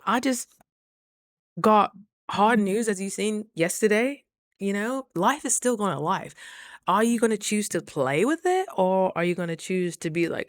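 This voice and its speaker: A woman's voice: medium pitch, animated, normal speed, no room sound, clean studio sound. A young adult woman vlogging casually, animatedly acting out quoted dialogue and talking straight to her viewers. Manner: frequent rhetorical asides to viewers. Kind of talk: casual storytelling vlog.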